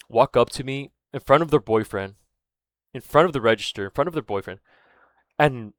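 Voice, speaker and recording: A man's voice: mid-range voice, no echo, studio quality. A man telling a story in a casual, rambling monologue, swearing often and losing his thread, with fillers like "right?" and "man". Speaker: vlogger.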